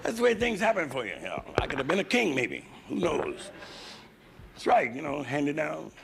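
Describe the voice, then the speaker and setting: A gravelly American man does raunchy stand-up on a nightclub stage, talking to the crowd as if in casual conversation. His delivery swings up and down in pitch. A loud hiss runs under the whole 1970s live tape. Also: wildly swooping pitch, moderate pace. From United States. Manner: crude, conversational, working the crowd. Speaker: stand-up comedian. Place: Las Vegas hotel nightclub stage.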